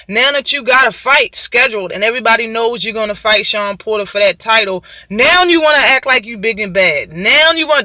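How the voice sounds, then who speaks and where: A man's voice: high voice, sharp tone, no room sound. A man hosting his own show, giving casual, heated commentary on boxing with a profane, mocking manner.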